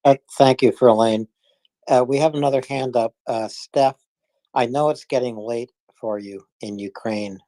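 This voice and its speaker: A man's voice: mid-range voice, steady tone, a little slow, mellow, no echo, low-quality recording. A man co-hosting a live audio chat, briefly and politely moderating the speakers.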